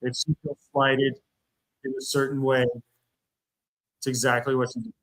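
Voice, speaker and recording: A man's voice: medium pitch, flat delivery, normal speed, fairly bright tone, rough recording. A man on a livestream, ranting angrily and bitterly, repeating himself as he talks. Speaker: streamer. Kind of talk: angry livestream rant.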